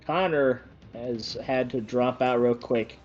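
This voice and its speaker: A man giving casual play-by-play commentary on a gaming match, rambling and correcting himself, with sudden excited bursts. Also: mid-range voice, slow pace, lo-fi sound. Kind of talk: casual esports-style commentary.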